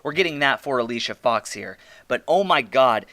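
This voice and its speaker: A man's voice: mid-range voice, lively intonation, normal speed, sharp tone, dry recording. A man hosting a podcast, giving a casual review monologue full of blunt, swearing, exasperated rants. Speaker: podcast host reviewing wrestling.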